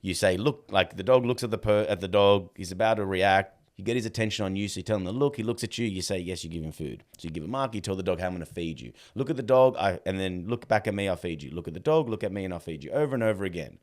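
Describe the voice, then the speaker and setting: Deep-voiced man telling animated stories. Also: fast talker, few pauses. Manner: animated storyteller, acts out quoted dialogue. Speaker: podcast guest, dog trainer. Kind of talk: casual conversation.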